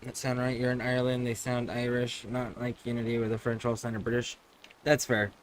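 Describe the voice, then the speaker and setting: A man's voice: mid-range voice, flat delivery, a little fast, slight background noise. Man rambling over gameplay. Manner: rambling, restarts mid-thought. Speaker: streamer. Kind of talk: casual gameplay commentary.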